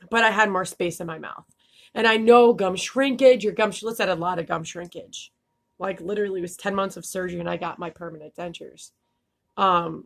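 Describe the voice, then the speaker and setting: A woman's voice: lowish voice, creaky. Candid woman vlogger with a slight lisp. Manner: candid, laughing, swears freely. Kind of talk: casual vlog talk.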